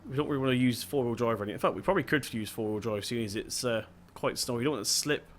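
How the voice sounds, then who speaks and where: A man's voice: mid-range voice, rapid-fire, a little hiss or hum. A young man giving casual let's-play commentary as a gaming video host, chatty and rambling, often stopping to correct himself.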